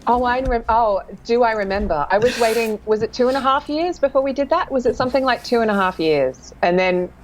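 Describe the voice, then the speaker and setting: A woman's voice: fairly high pitch, lively intonation, a little fast, hardly any pauses, slight background noise. A woman dialect coach chatting enthusiastically in an interview, laughing often. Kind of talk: casual interview chat. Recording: dull lo-fi sound.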